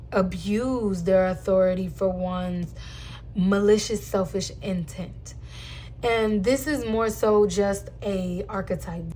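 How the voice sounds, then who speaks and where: Her mellow, medium-pitched voice comes with a little hiss or hum in the recording. The young tarot reader channels a reading for viewers she addresses as "guys," stretching out her words with earnest emphasis.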